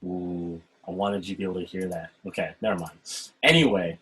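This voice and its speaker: A man hosting a casual talk over a video call, speaking in an animated way and often checking in with "right?". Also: low-pitched, a little fast, poor audio. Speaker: host. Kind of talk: casual chat.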